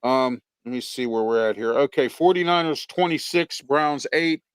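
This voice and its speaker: A man's voice: medium pitch, moderate pace, clear, resonant tone, no echo. Blunt rambling sports show host, man. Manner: blunt, rambling, many fillers. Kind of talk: casual sports talk.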